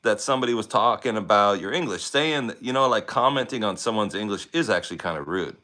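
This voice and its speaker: A man's voice: on the low side, animated, quick pace, pushed and bright. An older man with a Californian accent, chatting in an easygoing, joking way on a livestream. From San Francisco Bay Area. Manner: laid-back, easygoing, joking. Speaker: guest on a livestream. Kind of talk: casual livestream chat.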